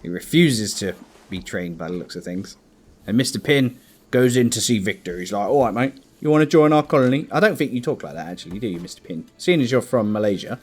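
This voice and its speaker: A man's voice: fairly low pitch, lively intonation, a little fast, slightly rough. A man giving casual gameplay commentary as a let's play host, thinking aloud and chatting to his game characters.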